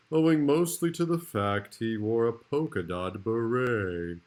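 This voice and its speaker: A male kindergarten teacher reading a rhyming storybook aloud in a playful, rhythmic way. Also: lowish voice.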